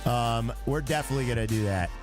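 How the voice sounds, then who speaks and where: A man doing live gameplay commentary, excitable and chatty, reacting out loud and talking to his chat as he plays. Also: medium pitch, quick pace, over music. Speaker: live streamer.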